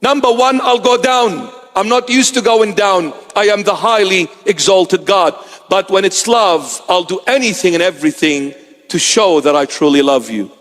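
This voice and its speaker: This sermon comes from a man preaching as a bishop, his voice high and fairly bright at a normal speed. He narrates stories and acts out the people in them, with long reverb from the hall.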